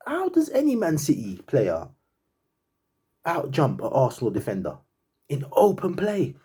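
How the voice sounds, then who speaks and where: A man's voice: mid-range voice, huge pitch swings, a little slow, mellow, slightly rough. A man giving a fan's reaction to a football match, laughing and disbelieving, repeating himself in slangy chat. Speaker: football fan commentator. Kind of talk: animated fan reaction rant.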